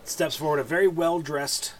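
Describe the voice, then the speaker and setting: A man narrating as game master in a relaxed, halting way with many fillers. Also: a little high.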